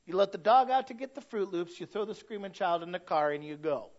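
A man in his thirties preaching a sermon as pastor, swinging from loud pleading to quiet asides. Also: sits high, expressive, fairly quick, dull audio.

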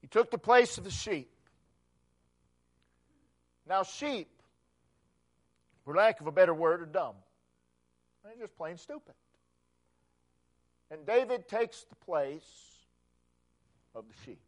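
Male preacher with a high voice, unhurried, emphatic, repeats phrases and builds to loud peaks. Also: lively intonation. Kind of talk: sermon.

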